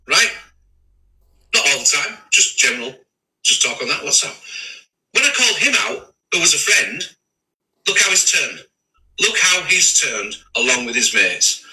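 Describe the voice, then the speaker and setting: Man ranting on a livestream, very bright tone, a touch off-mic, foul-mouthed and stammering. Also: fairly high pitch, distant mic, poor audio. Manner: swearing, trading insults, stammering restarts. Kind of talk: heated livestream rant. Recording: voice a bit off-mic.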